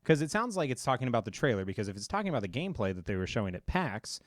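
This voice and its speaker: A man's voice: mid-range voice, very animated, racing, no echo. A man co-hosts a casual gaming podcast and jokes around freely. He reads news quotes aloud in a put-on newsreader manner, with a voice that rises and falls a great deal. The sound is dry and close. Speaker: podcast co-host.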